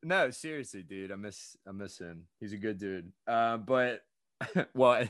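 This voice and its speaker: A man's voice: lowish voice, animated, unhurried, a bit bright, dry recording. A young man hosting a casual podcast chat, laid-back and slangy, laughing often. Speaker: podcast host.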